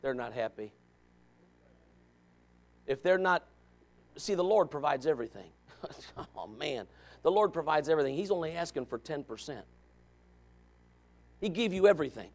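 Preaching as an associate pastor, a man with a voice pitched high for a man delivers a folksy, joke-filled, animated sermon. He drops into low, quiet asides before rising to loud, shouted calls to his listeners, with sudden dramatic emphasis.

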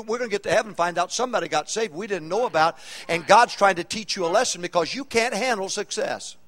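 In a church auditorium, a middle-aged pastor delivers an energetic, humorous sermon to his congregation. His high voice swings widely in pitch, and he keeps tossing questions back to the pews in animated call-and-response fashion.

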